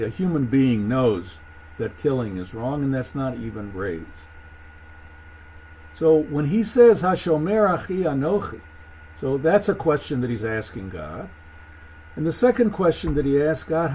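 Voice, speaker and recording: A man giving a thoughtful lecture on Jewish texts, halting and restarting as he explains. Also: on the high side, a little mellow, a little hiss or hum, poor audio. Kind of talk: recorded lecture.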